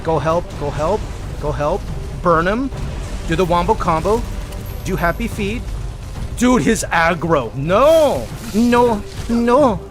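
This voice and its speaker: A male streamer joking, swearing and talking to his game allies as he gives live gameplay commentary. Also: on the high side.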